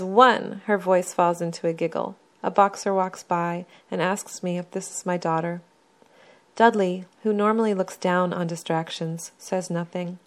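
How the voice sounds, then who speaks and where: A woman reading her own first-person memoir aloud in a measured, even storytelling manner. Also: fairly low pitch.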